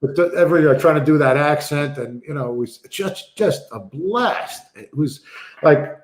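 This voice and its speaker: A man's voice: fairly high pitch, normal speed, roomy sound. A man, an actor guest telling stories in a casual interview with lots of fillers. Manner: animated storyteller, many fillers. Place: remote video call.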